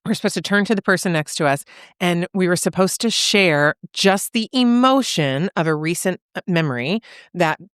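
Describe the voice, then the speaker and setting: Earnest lower-voiced woman therapist telling a story. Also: lively intonation, normal speed, fairly bright tone, clean tone, no room sound, clean studio sound. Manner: earnest, uses many "right?" tag questions. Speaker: therapist and podcast co-host. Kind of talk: reflective conversational storytelling.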